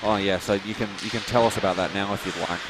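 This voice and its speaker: A man's voice: fairly even intonation, heavy background noise. A man calling live ice hockey play-by-play, his voice jumping up on shots. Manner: rapid calls that rise in pitch and volume on shots. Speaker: play-by-play commentator.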